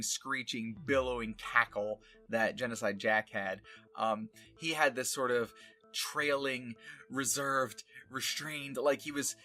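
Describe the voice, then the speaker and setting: A man's voice: mid-range voice, pushed and bright. A man voice actor talking casually about his past roles, rambling with many fillers and small laughs. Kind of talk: casual retrospective talk.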